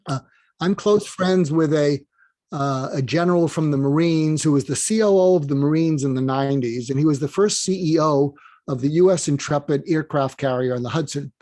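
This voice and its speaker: A man being interviewed as a doctor, telling rambling, animated anecdotes. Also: a little high, normal speed, no echo. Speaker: guest, doctor. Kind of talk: interview storytelling.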